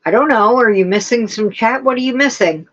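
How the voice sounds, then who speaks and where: A woman's voice: fairly high pitch, brisk, muffled recording. A woman hosting a casual livestream, chatting and answering her viewers' comments one by one. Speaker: livestream host. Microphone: streaming setup with laptop.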